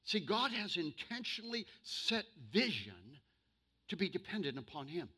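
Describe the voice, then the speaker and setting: Male pastor, sermon delivery, bright and slightly high, jokes then slows for emphasis. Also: sing-song, breathy edge. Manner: humorous, with sudden loud bursts and slow emphatic stretches.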